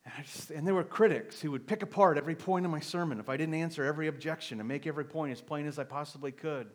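His voice a little high and his delivery rapid-fire, a middle-aged pastor preaches a sermon built around a personal story. He starts in quiet confession and builds to emphatic preaching.

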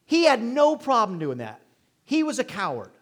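Husky middle-aged guy preaching, voice jumps all over, goes quiet then loud. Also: extremely high pitch, wildly swooping pitch, moderate pace. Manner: dynamic preaching, swings from hushed to emphatic. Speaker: pastor. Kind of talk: sermon.

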